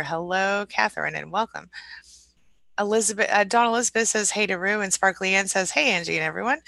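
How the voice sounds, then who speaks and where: A woman's voice: medium pitch, gravelly, dry recording, low-quality recording. A woman hosting a live support stream, chatting casually and greeting viewers by name in an upbeat, friendly way. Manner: upbeat, warm greetings to viewers, light laughs. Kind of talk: casual live-stream chat, reading comments.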